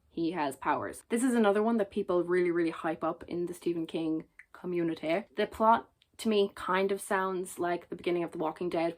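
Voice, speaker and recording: Chatty woman with a lowish voice. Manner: chatty, jokey and enthusiastic. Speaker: book reviewer. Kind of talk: casual chat to camera.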